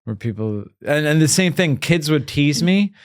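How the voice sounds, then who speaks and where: A man's voice: a little high, expressive, moderate pace, smooth, no room sound, studio quality. A man hosting a podcast, chatting casually with hesitant fillers and restarts. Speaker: podcast host. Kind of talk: casual chat.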